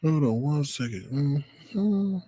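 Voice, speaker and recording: A man's voice: on the high side, expressive, slow, dark tone, slightly rough, dry recording, clean studio sound. A man in his thirties hosting a casual livestream, talking bluntly and with profanity straight to his viewers from home. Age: 30s. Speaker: livestream host.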